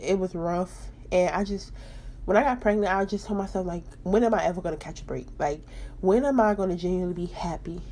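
A woman's voice: lowish voice, warm tone. A young woman hosting her own podcast, talking candidly and emphatically about her faith and personal life. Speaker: podcast host.

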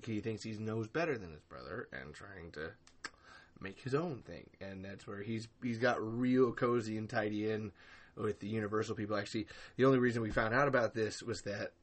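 A man hosting a podcast, ranting in casual chat, swearing a lot and acting out other people's words in loud bursts. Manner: profane, ranting, acts out quoted people in loud high bursts. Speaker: podcast host.

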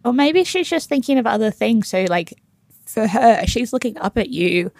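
Young woman, chatty storyteller, higher voice, dry close mic. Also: lively intonation, normal speed, creaky, darkish tone, no room sound. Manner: storytelling, acts out other people in put-on voices. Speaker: podcast co-host. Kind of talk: casual chat.

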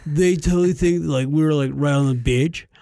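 Gravelly man in casual chat. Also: fairly high pitch, moderate pace, warm tone, no room sound, studio quality. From California. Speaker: podcast co-host.

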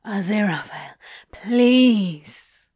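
A flustered male demon gasps out halting, stammering words in a strained, rougher voice, as a woman reading the story acts him out. The delivery is louder and breathier than the narration, and is recorded close and dry. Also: medium pitch, dry recording. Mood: breathless.

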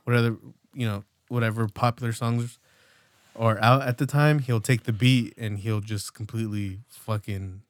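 Late-20s male podcast co-host, rambling and profane, mid pitch, dry close mic. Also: steady tone, moderate pace, dry recording. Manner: rambling, loose, profane, many fillers. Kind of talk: casual podcast chat.

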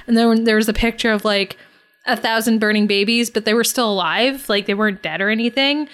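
A woman podcast co-host tells rambling stories, full of "like" and "right?", and pokes fun at herself. Her voice has a mid pitch for a woman, and she is recorded close on a podcast microphone. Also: fairly even intonation, brisk, a bit bright. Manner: rambling, self-deprecating storytelling. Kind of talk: casual chat.

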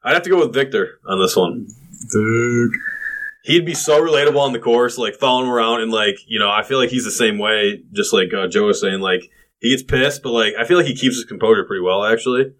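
Laid-back young podcast co-host. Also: male voice, mid-range voice, a little fast, fairly bright tone, low-quality recording. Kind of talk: casual chat.

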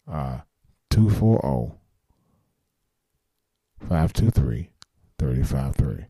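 A man's voice: very deep voice, sing-song, slow pace, mellow, slightly rough, no room sound, studio quality. A man in his fifties hosting a live late-night call-in show, talking earnestly and bluntly, repeating himself and swearing now and then. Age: 50s.

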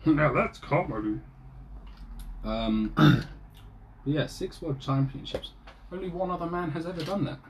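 A man's voice: on the high side, expressive, moderate pace, vocal fry, pauses often, a little hiss or hum. A man, co-hosting a podcast in a casual, jokey chat and laughing often. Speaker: podcast co-host.

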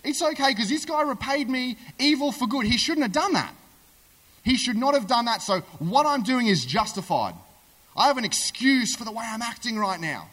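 A man's voice: a little high, a little fast, fairly bright tone, close to an everyday voice. A man voicing an aggrieved, hot-headed warrior leader who keeps justifying himself in casual modern phrasing. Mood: self-justifying. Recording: echoey hall.

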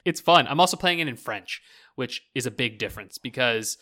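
A man's voice: medium pitch, expressive, a little fast, pushed and bright. A man rambling about video games in a casual podcast chat, swearing freely, leaning on "like" and laughing often.

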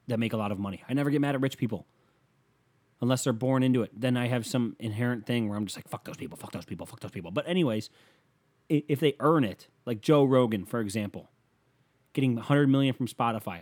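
A man's voice: medium pitch, quick pace, a little mellow. A man hosting a solo podcast, ranting in a rambling, profane way, with a slight lisp on his s sounds. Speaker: podcast host.

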